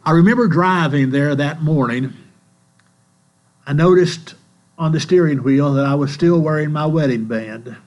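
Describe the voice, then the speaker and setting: Older man preaching an earnest sermon. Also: fairly high pitch. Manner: slow, earnest storytelling. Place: church. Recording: mains hum in the background.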